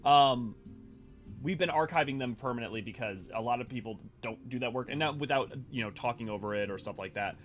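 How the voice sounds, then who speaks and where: A man's voice: medium pitch, brisk, faint music behind. A man hosting a lore channel, rambling through casual game commentary with many fillers. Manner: rambling, filler-heavy, animated.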